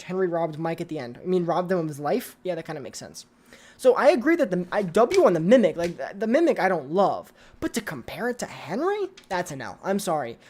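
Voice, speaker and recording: With a lowish, slightly mellow voice, this livestream host keeps things casual. She responds to viewer comments, addresses chat directly and frequently says things twice.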